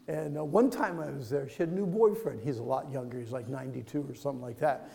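Gravelly preacher telling a story. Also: male voice, medium pitch, fast talker, hardly any pauses, rough recording. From Pennsylvania. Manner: storytelling, swings from hushed to loud and emphatic. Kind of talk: sermon with personal story.

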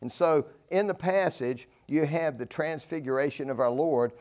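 Earnest preacher, fairly high voice. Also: male voice, moderate pace, darkish tone. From North Carolina. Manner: earnest, folksy, rises to emphatic peaks. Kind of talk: sermon.

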